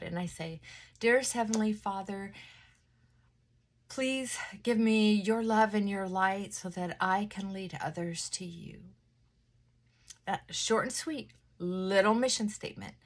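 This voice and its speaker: At her mirror at home, a woman films a relaxed morning vlog as she gets ready, coaching herself reflectively. Her mid-range voice shifts between quick, pushy talk and a slower, gentler tone that at times sinks to a near whisper.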